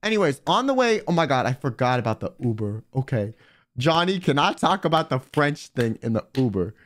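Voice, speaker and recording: A young man livestreaming as a vtuber, telling stories in a casual, animated way with plenty of swearing and filler words. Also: medium pitch, fairly quick. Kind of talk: casual storytelling on stream.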